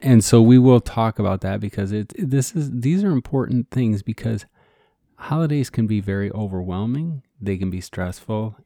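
A man's voice: lowish voice, animated, normal speed, mellow, no room sound, studio quality. A man co-hosting a casual podcast, chatty and earnest, talking straight to his listeners. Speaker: podcast co-host.

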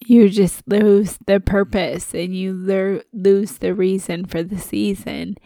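A woman with a stuffy head cold co-hosts a relaxed, casual podcast chat. Her low, gravelly, dark voice moves slowly with a flat delivery, and the recording is dry and close.

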